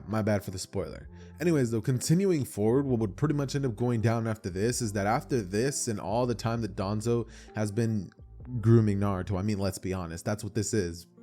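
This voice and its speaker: Mellow-voiced young man telling a story. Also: fairly low pitch. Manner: rambling, slangy, self-correcting. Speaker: anime storyteller. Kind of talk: casual what-if storytelling.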